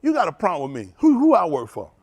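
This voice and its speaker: Animated preacher man with a high, swooping voice. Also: fast, slightly rough. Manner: animated, confrontational preaching with congregation call-outs. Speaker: pastor. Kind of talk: sermon.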